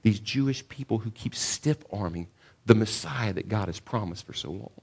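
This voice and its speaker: Earnest preacher, low male voice. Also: lively intonation, moderate pace, gravelly, darkish tone, slightly rough. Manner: earnest, stumbles and repeats words, rises to emphatic questions. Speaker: pastor. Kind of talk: sermon.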